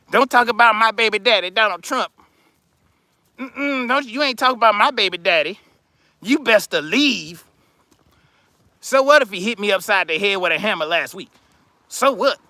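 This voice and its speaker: A man's voice: high voice, pushed and bright, dry recording, full character voice. A man putting on a mocking caricature of a woman who fiercely defends her partner, in a sassy, defiant, scolding manner.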